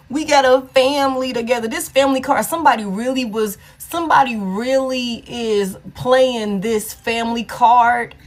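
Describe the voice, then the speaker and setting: There's a little hiss or hum under this woman's fairly high voice. As a tarot reader giving a casual reading, she swears freely, talks bluntly, repeats lines for emphasis, and laughs often.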